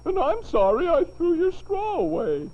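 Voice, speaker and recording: A man's voice: extremely high pitch, sing-song, unhurried, gravelly, faint music behind, exaggerated voice. A man playing a cheerful, easygoing neighbor in an old children's film. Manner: friendly, easygoing. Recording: dull old film soundtrack.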